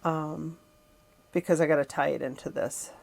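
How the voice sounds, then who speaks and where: A woman's voice: low-pitched, fairly even intonation, normal speed, gravelly, a little mellow. A middle-aged woman hosting a podcast, telling a personal family story in a reflective, emotional way with frequent sighs. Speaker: podcast host.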